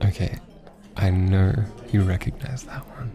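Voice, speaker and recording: A man's voice: low voice, measured pace. A man playing a teasing boyfriend, whispered role-play. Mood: affectionate. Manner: soft, laughing, teasing. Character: teasing affectionate young boyfriend teaching Japanese. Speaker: ASMR roleplay creator. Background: background music.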